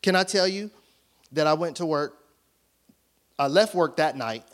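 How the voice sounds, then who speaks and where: A man preaching as a pastor in a church, telling a personal story with animated voices for each side of a conversation and laughing often as he talks. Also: a little high, a little slow. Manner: animated storytelling, acting out both sides of conversations; laughs often while talking. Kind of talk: sermon.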